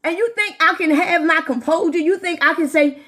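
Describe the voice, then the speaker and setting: A woman in her forties rants on a live stream, swearing constantly and addressing her viewers directly. Her voice is very high-pitched and a bit bright, at a normal speed.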